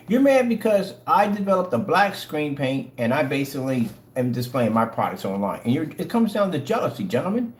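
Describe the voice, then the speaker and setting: Man, mocking rant to camera, very animated pitch, roomy sound with faint hiss. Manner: mocking, taunting, dramatic swings in tone. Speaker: online product seller. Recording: echoey room, faint noise.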